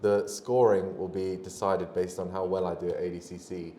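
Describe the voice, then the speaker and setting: Low-voiced man chatting loosely. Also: flat delivery, moderate pace, mellow. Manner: loose, rambling, swears, laughs often. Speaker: podcast guest, jiu-jitsu athlete. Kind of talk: casual chat. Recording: roomy echo, faint noise.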